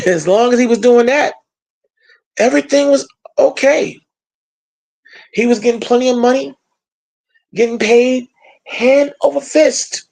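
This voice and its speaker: A political commentator delivers an opinion monologue in a heavily gravelly voice. He talks emphatically and colloquially, with a sarcastic edge. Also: mid-range voice, a little slow, pauses often, darkish tone.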